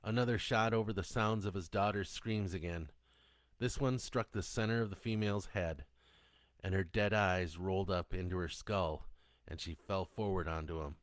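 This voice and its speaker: Deep-voiced man narrating horror. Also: normal speed, no room sound. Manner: steady, descriptive storytelling. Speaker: audiobook narrator.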